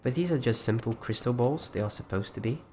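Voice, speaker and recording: A man's voice: medium pitch, a little fast, faint music behind. Chatty man rambling on a livestream. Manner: rambling, chatty, frequent restarts. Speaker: livestream host. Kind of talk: casual livestream chat.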